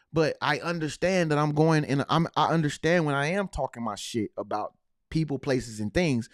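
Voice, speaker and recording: A man's voice: a little high, no room sound. Guy preaching motivation on his vlog, slangy and repetitive, dry sound. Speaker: motivational vlogger.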